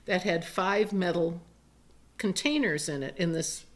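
A woman's voice: on the low side, unhurried. An older woman co-hosting a podcast, chatting and telling family stories. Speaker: podcast co-host. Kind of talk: casual storytelling chat.

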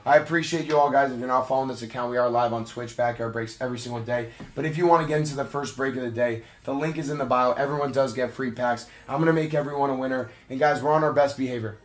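A young man hosting a live card break stream, shouting excitedly at big pulls. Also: mid-range voice, fast, few pauses, roomy sound.

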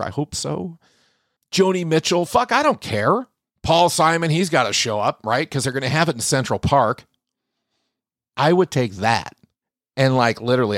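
A man's voice: no echo, studio quality. An American man delivering a profane, sardonic monologue rant, his voice jumping wildly up and down. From United States. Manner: profane, sardonic, animated rant with big pitch swings. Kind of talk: ranting monologue.

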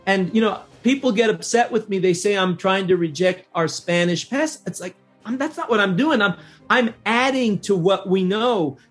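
A man from northern New Mexico, speaking as a historian guest on a podcast, emphatic and animated, often restarting his sentences. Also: high-pitched, normal speed, hardly any pauses, breathy edge, soft background music. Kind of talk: casual podcast conversation.

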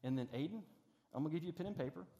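A middle-aged man, the pastor of a large church, preaches while running a demonstration on stage. He keeps things conversational, with self-deprecating humor and many restarts. His warm voice is on the high side, very fast, with lively intonation, and long hall reverb trails his words.

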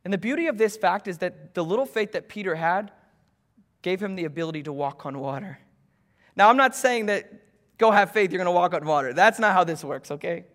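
Young guy preaching in a church hall, kinda high voice, goes loud then quiet, echoey. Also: animated, brisk. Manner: storytelling, swings from loud urgency to hushed intimacy. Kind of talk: sermon. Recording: hall reverb.

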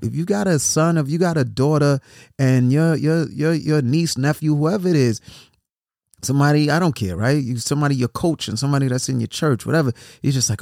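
A man's voice: fairly high pitch, a little fast, creaky, darkish tone, no room sound, studio quality. A man who hosts a podcast and works as a motivational speaker. He talks casually and keeps repeating words and asking "right?". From New York City. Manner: conversational, repeats words, asks "right?" often. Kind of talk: casual solo podcast talk.

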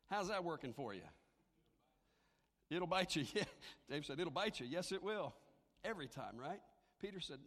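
A man delivers a sermon from the pulpit in a slightly high voice. He moves between animated, conversational preaching and soft, hushed lines for emphasis. The sound carries the long reverb of a large hall. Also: normal speed, long pauses. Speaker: pastor.

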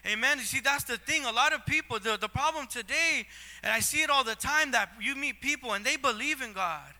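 A male pastor preaching a sermon, often asking "Amen?" and building to loud, fervent passages. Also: extremely high pitch, expressive, brisk.

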